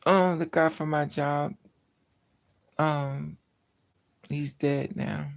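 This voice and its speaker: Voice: mid-range voice, little pitch movement, drawn-out words. A livestreamer in casual chat with viewers, telling stories bluntly and with lots of swearing, sounding tired and trailing off at times. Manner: profane, blunt storytelling.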